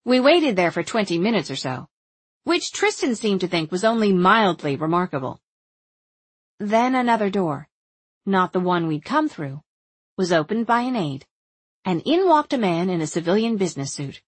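A woman's voice: mid-range voice, very animated, moderate pace, breathy edge, no echo. A woman reading a first-person story aloud in scripted narration, wry and observant in tone. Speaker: audiobook narrator.

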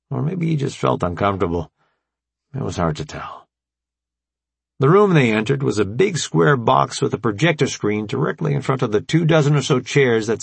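A man narrating an audiobook with steady, lively storytelling. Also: mid-range voice, creaky, slightly rough, dry recording. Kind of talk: scripted narration.

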